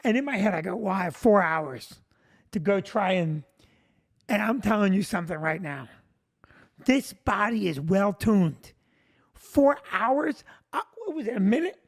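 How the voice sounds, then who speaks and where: A male comedian telling a long comic story, animated and breaking into shouted punchlines. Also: high voice, a little slow.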